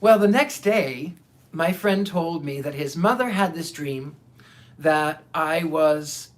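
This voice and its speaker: Animated man telling a story. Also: on the high side, slow pace. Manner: animated, repeats words, acts out quoted voices. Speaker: psychic telling stories to camera. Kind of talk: casual storytelling monologue.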